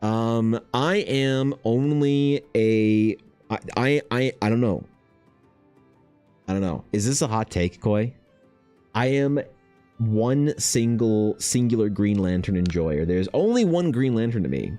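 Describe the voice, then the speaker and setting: Man, art streamer, casual chat, mellow tone, faint music underneath. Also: mid-range voice, lively intonation, slow pace. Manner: rambling, profane, self-mocking. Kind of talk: casual chat while drawing.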